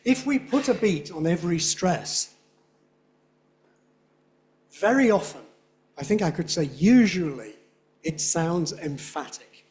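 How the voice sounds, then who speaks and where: An older man giving a conference lecture on English pronunciation, demonstrating rhythm by repeating phrases slowly. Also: high-pitched, expressive, darkish tone. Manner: demonstrates rhythm by slow drilled repetition.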